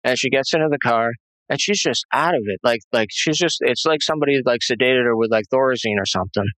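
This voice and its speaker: A man giving a halting, rambling personal testimony as an interview guest, full of fillers and restarts. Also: mid-range voice, fairly bright tone, dry recording, rough recording.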